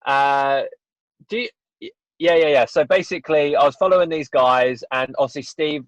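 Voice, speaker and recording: A man's voice: a little high, steady tone, normal speed, no room sound. A man in his twenties, a podcast guest, telling his story in a rambling, candid way with many restarts. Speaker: guest, fitness business owner. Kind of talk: casual podcast interview. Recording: dull dry lo-fi audio.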